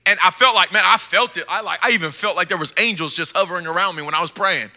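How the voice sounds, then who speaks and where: A male pastor preaches in a high, strikingly bright voice, speaking fast with hardly any pauses. He plays out the scene in put-on voices before shifting into quiet intensity.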